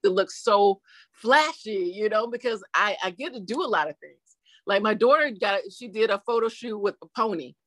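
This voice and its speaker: Bright, animated woman telling stories. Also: medium pitch, normal speed, no echo. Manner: animated storyteller who acts out quotes in lively voices; chatty, with frequent "you know" fillers. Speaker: interview guest. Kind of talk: casual interview chat.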